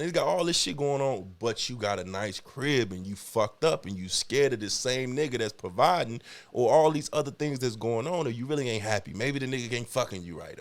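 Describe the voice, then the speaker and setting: A young man hosting a podcast, ranting bluntly and profanely in casual talk. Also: medium pitch. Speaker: podcast host.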